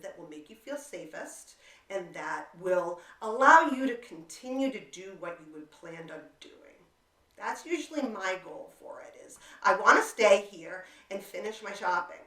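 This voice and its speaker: A woman's voice: medium pitch, a bit bright. A woman explaining a coping skill in a casual, conversational way, often checking in with "right?" and "okay?". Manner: conversational, many fillers and rhetorical "right?" and "okay?". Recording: echoey room, voice somewhat far from mic.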